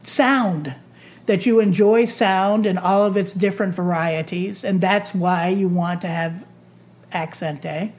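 A woman in her sixties who has just retired from teaching talks at an unhurried pace, letting her phrases stretch out. Her voice sits at an ordinary middle pitch. She sounds reflective and considered. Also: darkish tone. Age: 60s. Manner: slow, thoughtful, drawn-out phrasing. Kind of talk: reflective talk.

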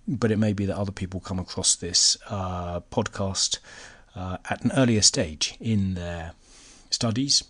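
A man's voice: low voice, fairly bright tone, breathy edge. A man hosting a solo podcast, talking hesitantly with many fillers and restarts, his voice sometimes sinking to a near-whisper. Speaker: podcast host. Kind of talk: solo educational podcast talk. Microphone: laptop recording.

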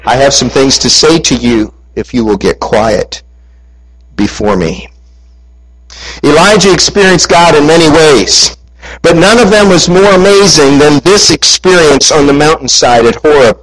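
A man preaching a sermon, retelling a scripture story and reading passages aloud with lively emphasis. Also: fairly high pitch, a little slow, rough recording.

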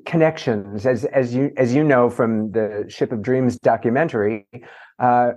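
A middle-aged man, a journalist and author, telling lively, self-mocking stories in a casual interview. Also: medium pitch, unhurried. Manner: animated, self-mocking anecdotes with playful voices. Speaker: entertainment journalist and author, guest.

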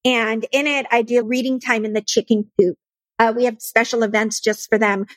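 A woman's voice: a little high, little pitch movement, moderate pace, no echo. A woman founder telling her personal story in a podcast interview, earnest and emotional. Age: adult, married. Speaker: nonprofit founder and guest.

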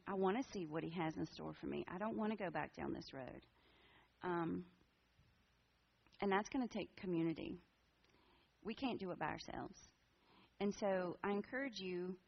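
A woman's voice: on the low side, vocal fry, breathy edge. A woman in her forties giving a candid, earnest personal testimony to a church group in a conversational way. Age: 40s. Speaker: women's ministry speaker. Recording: dull lo-fi recording.

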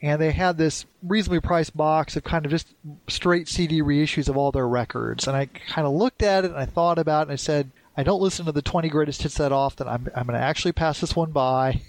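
Guy from downstate illinois, wry rambly podcast chat, kinda high voice, super dry mic. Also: a little fast, dry recording. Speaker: podcast co-host. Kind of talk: casual chat.

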